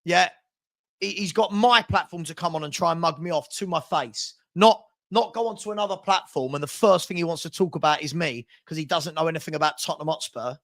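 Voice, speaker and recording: A man's voice: fairly high pitch, brisk, a bit bright. A young man hosting a live football watchalong, ranting heatedly and hurling insults.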